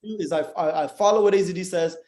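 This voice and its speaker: Blunt, cussing young man, slightly high voice. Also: fast. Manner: blunt, heavy swearing, animated. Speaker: podcast host. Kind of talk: casual podcast chat.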